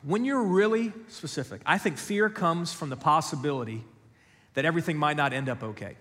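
Guy preaching a sermon, kinda high voice, big church echo, chatty and jokey, gets quiet then loud. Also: brisk. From United States. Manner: dramatic shifts from hushed to loud, conversational and humorous. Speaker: pastor.

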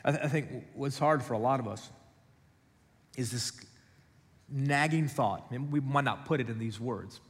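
A man preaching a sermon, moving from hushed storytelling to loud emphasis with a conversational, joking manner. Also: mid-range voice, moderate pace, pauses often, long reverb tail. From United States. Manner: dramatic shifts from hushed to loud, conversational and humorous. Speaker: pastor. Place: church.

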